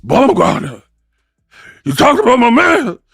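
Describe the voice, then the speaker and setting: A sinister male clown monster taunts in a high, sing-song, mocking voice, as a man puts him on. The voice jumps well above his usual register and lands loud and dry, slowly drawn out. It sounds like a close, dead-sounding room with no echo. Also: huge pitch swings, creaky, breathy edge, heavily acted. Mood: taunting. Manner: loud, breaking into laughter.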